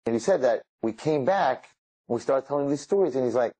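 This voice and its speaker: A man casually telling stories aloud in an animated way, often restarting his sentences. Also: mid-range voice, a little fast, husky, rough recording. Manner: animated, with frequent restarts and Hebrew words. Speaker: storyteller. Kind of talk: casual spoken storytelling.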